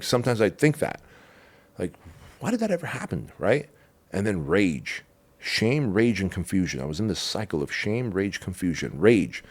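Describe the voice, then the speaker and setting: This is a middle-aged man with a low, deep voice, speaking as a podcast guest. He tells his story with raw, candid emotion, dropping curse words and casual slang as he goes. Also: a little mellow. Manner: raw and emotional, swears, calls the listener bro.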